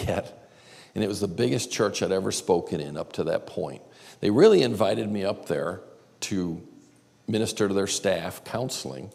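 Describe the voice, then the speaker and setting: Gravelly man teaching in a hall. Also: low voice, a little mellow. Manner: candid, self-deprecating storyteller. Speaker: seminar speaker. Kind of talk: storytelling teaching talk. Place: large church auditorium. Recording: live hall recording with long reverb.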